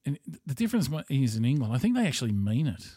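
A man's voice: mid-range voice, big pitch swings, racing, mellow, breathy edge, no room sound, studio quality. Blunt, rambling Australian man. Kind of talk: casual monologue.

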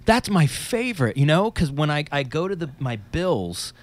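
A man's voice: a little high, normal speed. A man, a musician, chatting casually and telling stories with a slightly nasal voice, swearing freely. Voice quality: a little nasal. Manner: animated storyteller, swears freely. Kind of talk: casual podcast chat, storytelling.

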